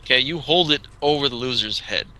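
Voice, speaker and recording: Man, podcast host, very bright tone, rambling animated storyteller. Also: medium pitch, brisk, rough recording. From Southern California. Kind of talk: casual chat.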